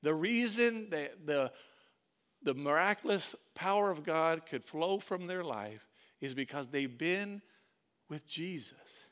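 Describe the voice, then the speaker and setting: A middle-aged male pastor preaching with a voice pitched a little high for a man. He tells stories softly at first, then rises into loud, animated exhortation and calls on the congregation to join in. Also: slow. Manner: builds from quiet storytelling to loud, animated preaching; calls on the congregation, uses "y'all". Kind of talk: sermon.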